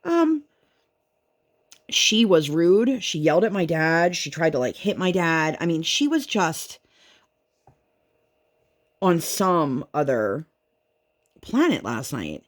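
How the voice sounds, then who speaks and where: A woman chatting casually at home while she crafts, venting and telling her story in an animated way. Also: low voice, slow pace, pauses often. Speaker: vlogger and mother.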